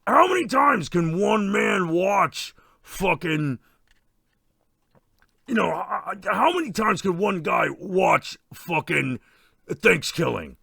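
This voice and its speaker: A man doing a gravelly, foul-mouthed slasher. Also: sits high, sing-song, slow pace, bright, forceful tone, no room sound, studio quality, full character voice. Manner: rambling, swearing, irritable rants. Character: crude, excitable masked slasher killer, male adult. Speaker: stream host in character. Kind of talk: in-character comedy Q&A.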